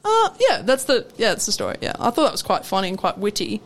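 A young woman co-hosting a podcast, telling a work story in a casual, animated way and laughing often. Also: medium pitch, fast talker. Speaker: podcast co-host. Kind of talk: casual chat.

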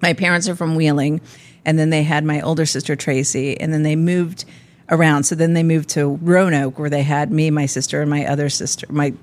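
A woman's voice: sits low, fairly even intonation, a little fast, a little mellow. A middle-aged woman comedian, a podcast guest, talking in a rambling, self-interrupting way and laughing often. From Omaha, Nebraska. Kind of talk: casual chat.

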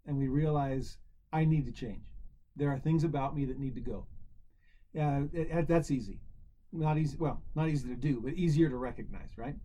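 A man's voice: a little high, dark tone, slight background noise, rough recording. A man teaching a scripture lesson in a conversational way, asking rhetorical questions and often restarting his sentences. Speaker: religious teacher.

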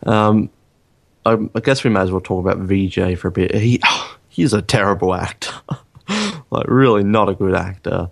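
A man with a very low, gravelly voice co-hosting a casual film chat. He is laid-back and tosses in joking asides, and his sound is dry and close. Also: steady tone, normal speed, no echo. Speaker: podcast co-host.

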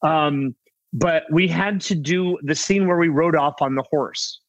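A man's voice: a little high, no echo. Middle-aged man, rambling raised-voice storyteller. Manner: rambling, with many restarts and quick impressions of others. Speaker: guest actor telling set stories. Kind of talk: casual anecdotal storytelling.

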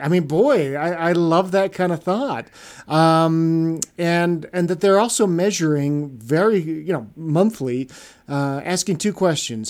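A man's voice: sits high, moderate pace, darkish tone. A man hosting a podcast in casual chat, rambling with many fillers. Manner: rambling, heavy on "you know" fillers. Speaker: podcast host.

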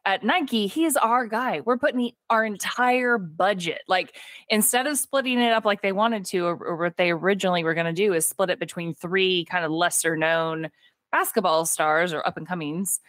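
A woman co-hosting a podcast, animatedly retelling a film's plot in casual chat and slipping into quick voiced quotes of the characters. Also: fairly low pitch, a bit bright, dry recording, clean studio sound. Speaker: podcast co-host. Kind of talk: casual movie recap chat.

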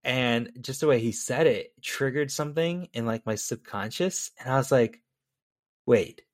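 A man in a casual film discussion, his voice at an ordinary pitch. He rambles with lots of fillers and laughs easily as he makes his points. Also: normal speed. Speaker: podcast co-host.

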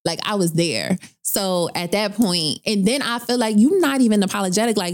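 A young woman, telling a personal story in casual chat. She is animated, swears freely, and jumps high in pitch when she quotes people. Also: normal speed, hardly any pauses. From New York.

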